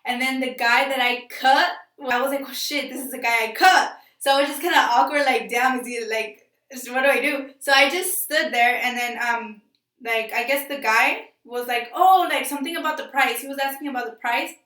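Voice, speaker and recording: A young adult woman with a high, bright voice tells a rambling, slangy storytime, full of fillers and excited asides. She sits a little back from the microphone in an echoey room. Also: normal speed. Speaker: vlogger. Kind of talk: casual storytime vlog. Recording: echoey room, distant mic.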